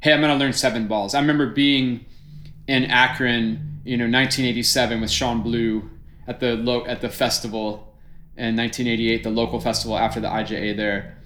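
A man's voice: medium pitch, flat delivery, a little fast, a bit bright, a little hiss or hum. A middle-aged male juggler in casual conversation, reflecting on learning skills at length. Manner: reflective, explains ideas at length. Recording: roomy echo.

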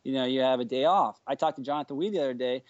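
Fast-talking animated man, dull dry sound. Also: mid-range voice, dry recording. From United States. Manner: animated storyteller, acts out quotes. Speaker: guest juggler. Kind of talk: casual podcast chat.

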